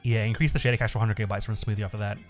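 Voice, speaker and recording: A man's voice: fairly low pitch, level tone, rapid-fire, faint music behind. Rambling, laughing male streamer. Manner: rambling, swears a lot, laughs often. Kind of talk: casual live-stream chat.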